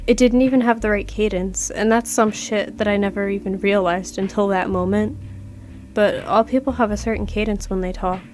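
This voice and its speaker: A woman's voice: medium pitch, darkish tone. A woman narrating a first-person horror story aloud in a casual, conversational way, with plenty of swearing. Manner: casual, profane, conversational reading. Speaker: creepypasta narrator.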